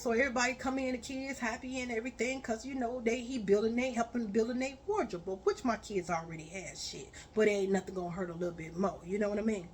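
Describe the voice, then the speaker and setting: A woman telling a story on a vlog, blunt and profane, building to loud, forceful rants. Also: on the high side, fairly quick, slight background noise.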